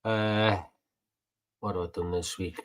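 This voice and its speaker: A man's voice: low-pitched, steady tone, unhurried. A man, co-hosting a podcast and telling family stories in casual chat, full of fillers and the odd swear. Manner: chatty, swears, tells stories with many fillers. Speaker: podcast co-host.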